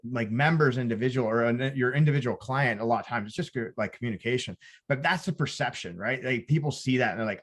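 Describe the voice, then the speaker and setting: A man's voice: mid-range voice, quick pace, hardly any pauses. Loose, profane male co-host. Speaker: podcast co-host. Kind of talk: casual podcast conversation.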